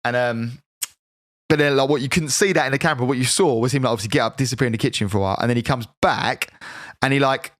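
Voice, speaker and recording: A man's voice: mid-range voice, quick pace, a bit bright, dry recording, clean studio sound. A young British man telling a rambling, sweary story in casual podcast chat, full of restarts. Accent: British English. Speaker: podcast co-host.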